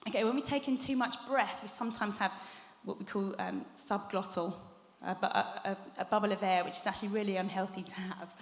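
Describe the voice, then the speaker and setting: A woman's voice: mid-range voice, fairly even intonation, fairly quick, few pauses. A young woman teaching a vocal workshop, chatty and encouraging, laughing often as she demonstrates exercises. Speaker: vocal coach leading a workshop. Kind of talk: live masterclass teaching. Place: large conference hall. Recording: echoey hall with long reverb.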